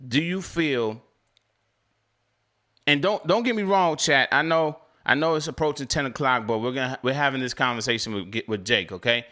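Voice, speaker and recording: A young man recounts his experiences as a delivery driver during a relaxed live-stream chat. He speaks at a moderate pace, lively, and his voice rises higher whenever he gets worked up.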